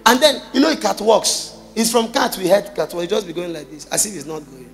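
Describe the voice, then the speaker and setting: A man with a Nigerian accent preaching a sermon, full of rhetorical questions and sudden shouted bursts. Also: high voice, brisk, hardly any pauses, faint music behind. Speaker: pastor.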